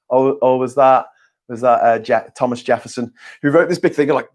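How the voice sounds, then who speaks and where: A man's voice: mid-range voice, a little fast, a little mellow. A man hosting a casual live-stream chat, ranting, rambling, and swearing freely. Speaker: host.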